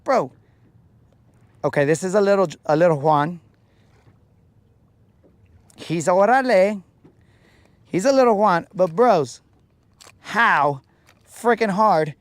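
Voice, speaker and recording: A man's voice: high-pitched, lively intonation, slow, pauses often, dry recording. A man hosting a live fishing stream outdoors on a lake, playful and full of slang as he jokes with his chat. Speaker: fishing livestream host.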